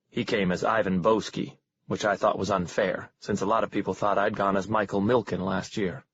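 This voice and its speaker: Husky guy reading a novel in first person, calm and cold, dull lo-fi dry sound. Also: fairly low pitch, dry recording.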